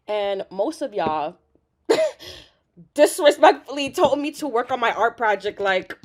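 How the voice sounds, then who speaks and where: A young woman chats casually on her first stream, nervous and giggly, cursing freely. Her voice sits a little high and swoops all over, while she takes her time with her words. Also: a little slow, pauses often. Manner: excitable, laughs often, swears freely; swings between loud outbursts and quiet murmurs. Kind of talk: casual live-stream chat.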